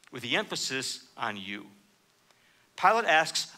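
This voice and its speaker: Male preacher, slightly high voice, very bright tone, acts out dialogue as he teaches. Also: measured pace. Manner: animated, acts out quoted dialogue with rising emphasis. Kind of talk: sermon.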